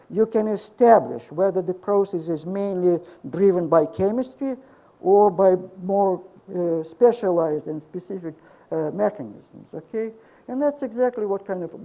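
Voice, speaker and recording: Older man lecturing in a mellow voice. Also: high-pitched, poor audio. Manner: explanatory, emphatic, checks in with "okay?". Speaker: scientific lecturer. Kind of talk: academic conference lecture.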